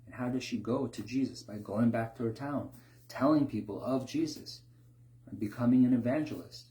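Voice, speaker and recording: A man's voice: medium pitch, moderate pace, warm tone. A man giving an informal sermon, often tagging his points with a rhetorical question. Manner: rhetorical, keeps asking "right?". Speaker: preacher.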